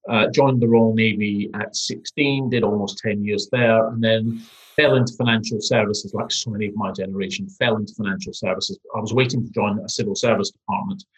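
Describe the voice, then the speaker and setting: A man with a Scottish accent, a founder speaking as a guest on a podcast interview over a video call, relaxed and rambling. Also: fairly low pitch, brisk. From Scotland. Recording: echoey room on a call.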